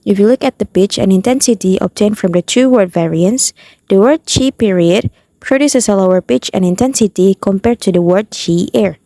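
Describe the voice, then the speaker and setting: A young woman from Indonesia, a university student, narrating a prepared phonetics explanation in a careful, even reading voice. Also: mid-range voice, moderate pace, dry recording. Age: young adult. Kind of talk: scripted narration.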